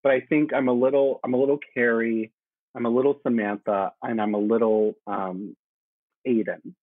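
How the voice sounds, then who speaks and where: A man chatting as a guest, animated and laughing, with lots of "like" in his speech. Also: medium pitch, moderate pace, dry recording. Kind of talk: casual podcast chat. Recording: tinny phone-like line.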